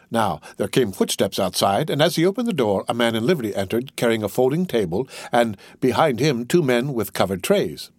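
An audiobook narrator with a husky, lively male voice at medium pitch reads a novel from a script. The studio-quality recording has no echo.

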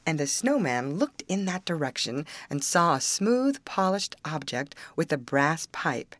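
Low-voiced woman reading a fairy tale. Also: unhurried, no room sound. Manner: gentle, expressive read-aloud. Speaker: storyteller. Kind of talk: storybook narration.

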